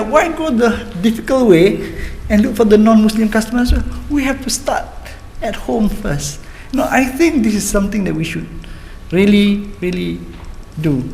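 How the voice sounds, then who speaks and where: An older retired man, speaking candidly on a conference panel and joking between points. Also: high-pitched. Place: hotel conference hall. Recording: large hall reverb, faint background noise.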